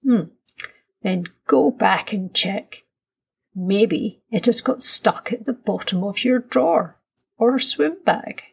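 A woman voicing a patient, gently firm father in a storybook reading, calm and reassuring. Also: mid-range voice, slow, vocal fry, husky, exaggerated voice.

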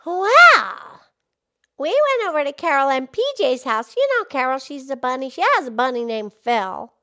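A bubbly little pig girl hosting a kids' podcast, voiced by a woman, all squeaky sing-song chatter. Her voice sits up high and bounces with excitement as she chats with her co-host. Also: moderate pace, exaggerated voice. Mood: cheerful. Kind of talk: in-character kids' podcast chat.

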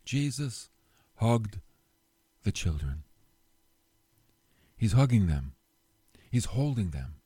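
An older man preaching in a casual, folksy way, his pitch swooping up and down as he stresses his points. The sound is dry and close, with no room echo. He mixes emphatic teaching with playful asides. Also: sing-song, takes it slowly, pauses often, warm tone, breathy edge. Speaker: pastor. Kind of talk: conversational sermon teaching.

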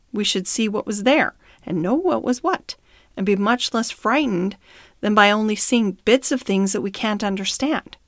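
A woman voicing a calm, steady male horse in a storybook reading, speaking quietly and evenly. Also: a little high, no room sound, studio quality. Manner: calm, even-tempered.

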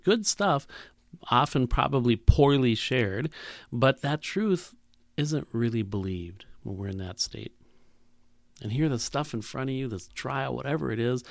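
Male preacher, gravelly voice, dry close sound, reflective sermon delivery with rhetorical questions. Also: medium pitch, no echo.

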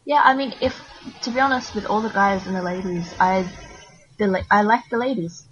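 A woman co-hosting a podcast, giving blunt, opinionated takes in a halting, casual way. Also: medium pitch, a bit bright, a little hiss or hum. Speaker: podcast co-host. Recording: dull lo-fi mic.

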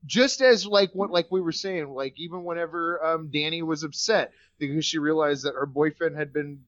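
A man with a notably high voice chats casually, stumbling over and repeating words. His recording is muffled and lo-fi, with a dry close sound. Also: normal speed, a bit bright, dry recording. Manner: hesitant, repeats words while searching for them. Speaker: podcast co-host. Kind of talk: casual chat.

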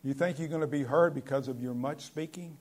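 A man preaching a sermon in an earnest, conversational way, with sudden loud stresses on key words. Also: on the high side, fast talker. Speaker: pastor.

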